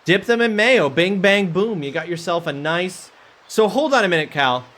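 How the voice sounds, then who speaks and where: A man's voice: high voice, expressive, normal speed, fairly bright tone. A young man live-streaming a game, bantering with chat, joking and swearing as he rambles. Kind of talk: casual live-stream chat while gaming. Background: game music.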